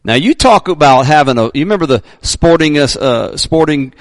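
A male pastor preaching a sermon, emphatic, sometimes shouting his readings, joking about himself. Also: fairly high pitch, lively intonation, brisk, no room sound.

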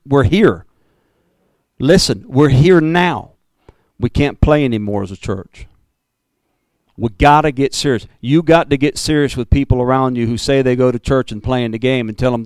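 A man preaching a fiery Pentecostal sermon, swinging from loud bursts to low, intense asides. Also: no echo. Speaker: pastor.

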